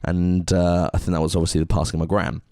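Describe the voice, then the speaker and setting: A low-voiced English man co-hosting a casual podcast. He talks earnestly and rambles, restarting his sentences. The sound is dry and close to the mic. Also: flat delivery, fast talker, warm tone, no echo. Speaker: podcast co-host.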